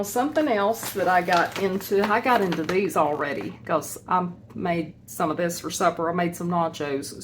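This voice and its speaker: A woman's voice: medium pitch, a bit bright. Chatty woman tallying grocery savings. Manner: chatty, rambling, self-correcting about prices. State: hiccups. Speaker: homesteading vlogger. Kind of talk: casual grocery haul chat.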